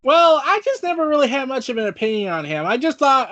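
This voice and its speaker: A man's voice: very high voice, sing-song, quick pace, few pauses, bright, forceful tone. A man co-hosting a podcast, chatting about wrestling in a laid-back way with offhand asides. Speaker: podcast co-host. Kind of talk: casual wrestling talk chat.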